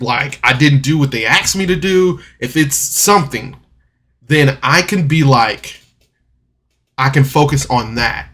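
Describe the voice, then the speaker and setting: Bright-voiced man telling a candid story. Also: mid-range voice. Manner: rambling, candid, emotional retelling with restarts and rueful laughs. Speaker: vlogger. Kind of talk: casual personal storytelling to camera.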